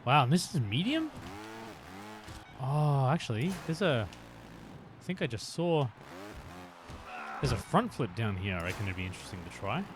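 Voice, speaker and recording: A male streamer talks through his runs and greets viewers, his pitch leaping up and down as he gets excited. He sits at a middle pitch for a man. A faint hiss of noise runs under the recording. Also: moderate pace, pauses often. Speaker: game streamer. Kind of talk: live-streamed gameplay chat.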